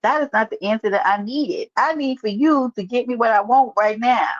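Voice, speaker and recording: A woman's voice: a little high, moderate pace, dry recording. Chatty woman hosting a dull lo-fi livestream. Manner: chatty and teasing, answers viewers by name. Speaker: livestream host. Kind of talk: casual live-stream chat.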